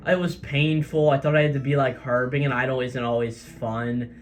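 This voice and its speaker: A man voicing a heartbroken teenage idol girl in a soft, subdued tone. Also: medium pitch, fairly even intonation, moderate pace, lightly acted. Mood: tearful. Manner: soft, subdued reading of quoted lines.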